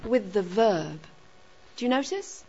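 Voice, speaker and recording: A woman's voice: mid-range voice, animated, unhurried, dark tone, slightly rough, muffled recording. A woman teaching a grammar lesson to a class, often checking in with rhetorical questions such as "right?" and "okay?".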